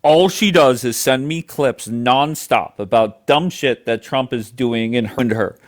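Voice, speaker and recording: A man's voice: medium pitch, unhurried. Man, livestream host, heated, profane, combative, talks over others.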